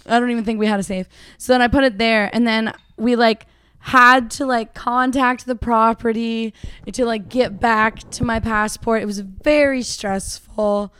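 A young woman guest on a podcast, chatting casually with quick, self-mocking remarks. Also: on the high side, fairly even intonation, fairly bright tone, clear, resonant tone, dry recording. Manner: quick, self-deprecating, laughs easily. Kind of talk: casual chat.

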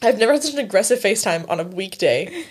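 A woman in her twenties, a podcast co-host, telling stories in casual chat, animated and laughing, swearing freely. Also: mid-range voice, fast talker, slightly rough.

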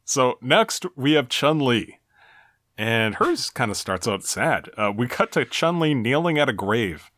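Man, casual co-host, wry reader of quotes, animated pitch, dry close sound. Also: a little slow, dry recording. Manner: reads game text aloud with dry wry delivery. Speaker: podcast co-host. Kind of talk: casual retro game discussion.

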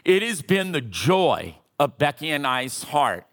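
A man's voice: fairly high pitch, very animated, unhurried, a bit bright. A man in his sixties preaching a sermon in a church auditorium, passionate and calling out to the congregation. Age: 60s. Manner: impassioned preaching with audience callouts. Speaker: pastor.

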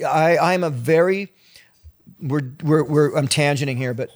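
Animated middle-aged man telling stories. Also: a little high, a little slow. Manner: animated storyteller, acts out quoted voices. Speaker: former canoe trip outfitter, guest. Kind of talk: casual conversation.

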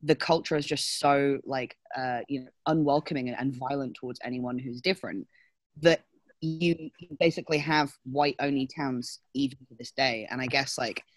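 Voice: mid-range voice, fairly even intonation, normal speed, no room sound. Rambling podcast co-host. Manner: rambling, many fillers and restarts. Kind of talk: casual podcast discussion.

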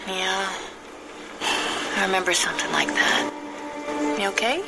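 A cheerful, foggy-minded lab worker keeps losing her words. A TV clip with loud music playing under her. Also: medium pitch, a little slow, creaky, rough recording. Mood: airy.

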